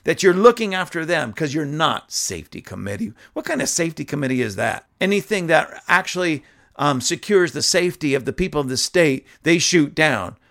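A man's voice: on the high side, lively intonation, fairly quick, vocal fry, a bit bright. A man giving opinionated commentary, reading news aloud and scolding emphatically, with fillers and restarts along the way. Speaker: political commentator.

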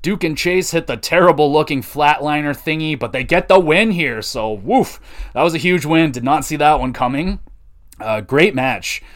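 A man hosts a solo wrestling podcast in a loose, rambling way. He leans on fillers and drops casual swear words as he goes. His voice sits at an everyday middle pitch. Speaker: podcast host reviewing wrestling.

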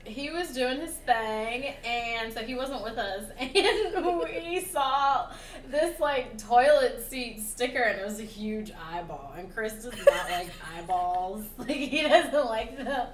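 A young woman chats casually with a high, bouncy voice that swings up and down, laughing through her stories. She is a little away from the mic in a roomy, echoing space. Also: slow pace, recorded from a distance. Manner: giggly, animated storytelling with many "like" fillers. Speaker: storyteller in a chat. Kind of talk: casual chat.

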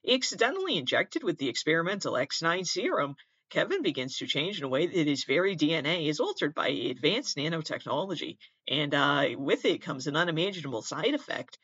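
A man's voice: fairly high pitch, bright, forceful tone, husky, dry recording, dull audio. A man with a Midwestern accent hosting his own podcast, reading aloud in a casual comedic way and often breaking into giggles and apologies. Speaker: podcast host.

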